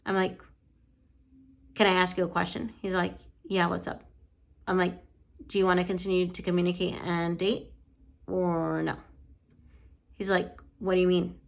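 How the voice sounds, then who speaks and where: A woman's voice: on the low side, flat delivery, normal speed, creaky, pauses often. A woman lash artist telling a story in casual chat, swearing freely and quoting conversations with "I'm like".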